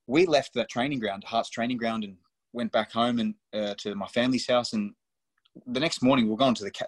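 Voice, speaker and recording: Guesting on a podcast, a young professional footballer from Australia spins casual stories, speaking loosely and bluntly and swearing along the way. His voice is medium-pitched and slightly rough, with no echo in the recording.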